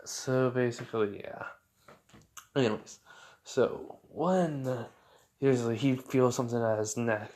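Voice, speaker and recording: A man improvising a fan-fiction retelling, rambling along with constant fillers and corrections. His pitch sits squarely in the middle range, relaxed and unscripted. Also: a little slow, long pauses. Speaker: storyteller.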